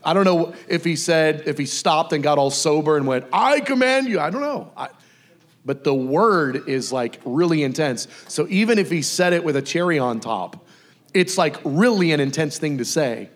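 Lively casual man preaching. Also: fairly high pitch, normal speed. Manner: casual, animated, acts out dialogue. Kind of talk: conversational sermon.

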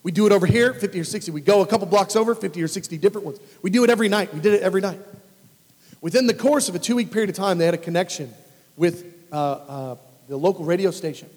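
A man preaching a storytelling sermon in an animated way, acting out conversations. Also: high-pitched, quick pace. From United States. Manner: animated, acts out dialogue in lively voices. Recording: long reverb of a large hall.

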